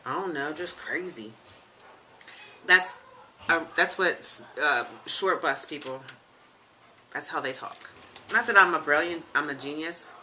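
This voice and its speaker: Young woman host, low voice with a bright forceful edge, frank and chatty, faint hiss behind. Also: a little slow. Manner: chatty, frank and joking, with frequent ums and asides. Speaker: web show host. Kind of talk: casual chat. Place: home room, seated in a leather chair.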